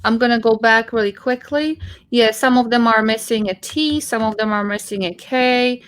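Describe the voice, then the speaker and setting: A woman's voice: fairly high pitch, moderate pace, smooth. A woman co-hosting a casual livestream, friendly and giggly, sometimes searching for words. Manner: friendly, giggly, hesitant word choice.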